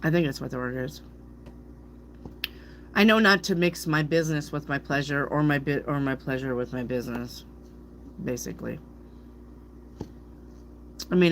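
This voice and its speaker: A woman's voice: sits low, a little hiss or hum. A middle-aged woman, a tarot reader, chatting casually to her viewers, playfully tripping over hard words and laughing at herself. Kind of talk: casual rambling chat to viewers.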